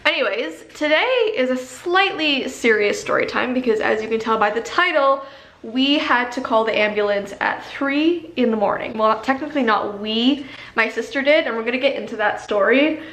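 A woman's voice: fairly high pitch, expressive, normal speed, a bit bright, roomy sound. A young woman from Canada hosting a casual story-time vlog, chatty and full of "like" fillers. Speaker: vlogger.

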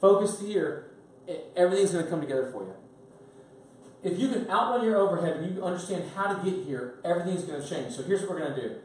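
A man's voice: high voice, fast talker. Emphatic male coach in an echoey room. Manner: emphatic, blunt and energetic. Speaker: business coach. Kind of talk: training seminar. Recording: echoey room from far off, faint noise.

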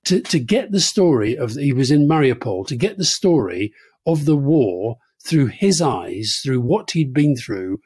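A man's voice: medium pitch, sing-song, measured pace, darkish tone, slightly rough, no echo. A man in his sixties co-hosting a conversational political podcast, earnest and reflective. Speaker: podcast co-host.

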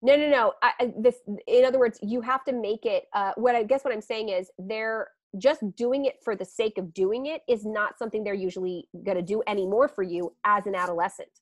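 Animated woman dog trainer, dry sound. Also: mid-range voice, fairly quick, hardly any pauses, dry recording. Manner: animated, laughs often, acts out quotes. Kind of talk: podcast interview.

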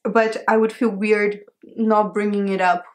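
A woman's voice: mid-range voice, level tone, measured pace. A woman in her late twenties talking openly but hesitantly with her partner, searching for words and giggling shyly. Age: 20s. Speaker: co-host. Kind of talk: casual couple chat.

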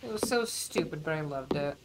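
A woman streaming a farming game, chatting casually with her viewers and admitting she feels low and upset. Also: fairly quick. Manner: chatty, swears casually, talks to chat. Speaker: vtuber streamer. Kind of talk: casual gameplay chat. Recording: steady background noise.

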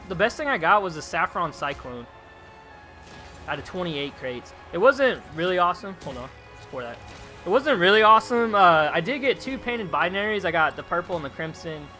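Young man, live game streamer, high voice, bright, chatty, excitable, faint music behind. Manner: excitable, chatty, reads chat aloud, calls viewers dude. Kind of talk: live gameplay streaming commentary.

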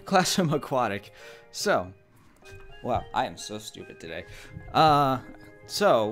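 Man, gaming commentary, goofy, excitable, self-mocking, faint music behind. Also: mid-range voice. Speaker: gaming YouTuber. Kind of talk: let's play commentary.

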